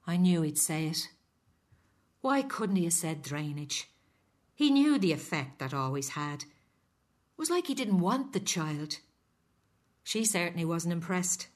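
A woman's voice: lowish voice, very animated, measured pace, long pauses. A middle-aged woman with an Irish accent narrating in first person as a resigned, weary foster mother. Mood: rueful.

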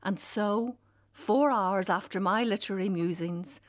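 A woman's voice: mid-range voice, unhurried. Wry middle-aged woman telling a story. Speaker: essayist. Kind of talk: scripted personal essay read aloud.

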